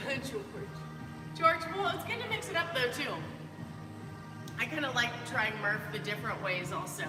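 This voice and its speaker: A young woman coaches a live workout, chatting upbeat with viewers by name in a slightly high, animated voice at normal speed. The recording has roomy hall reverb, with faint music in the background.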